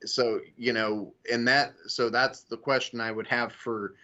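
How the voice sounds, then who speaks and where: A man in a casual political discussion who talks haltingly and fills nearly every pause with "you know". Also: mid-range voice, little pitch movement, sharp tone. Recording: dull lo-fi audio.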